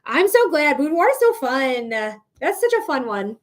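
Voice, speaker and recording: High-voiced woman chatting on a live stream. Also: big pitch swings, a little slow. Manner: frustrated, swearing, talking to chat. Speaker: psychic reader hosting a live stream. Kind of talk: casual live-stream chat.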